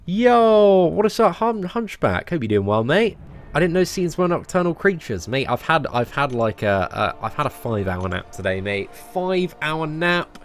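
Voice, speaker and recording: Cheeky sweary guy chatting. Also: mid-range voice. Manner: cheeky, chatty, sweary, calls viewers mate. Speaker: streamer. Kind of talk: late-night live-stream chat with viewers.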